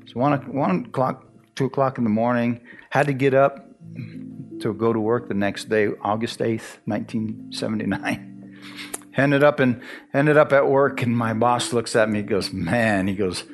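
A man's voice: mid-range voice, fairly even intonation, moderate pace, soft background music. A man in his sixties from Arizona giving a folksy church testimony, chuckling often and restarting his words as he tells the story.

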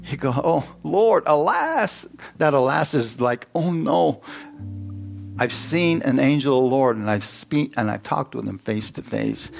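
A man's voice: medium pitch, vocal fry. A man preaching a sermon, emphatic and questioning his congregation, rising into exclamations. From United States.

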